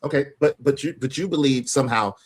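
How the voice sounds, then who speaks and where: A man hosts a live-stream debate and presses his argument with measured persistence, repeating phrases for weight. His voice is husky and his pace quick. He sits at a medium pitch.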